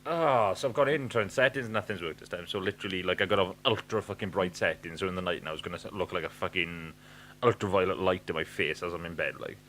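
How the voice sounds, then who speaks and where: Sweary podcaster, bright voice. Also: male voice, sits low, fast, slight background noise. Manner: rambling, sweary, full of fillers. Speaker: podcast co-host. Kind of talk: casual chat.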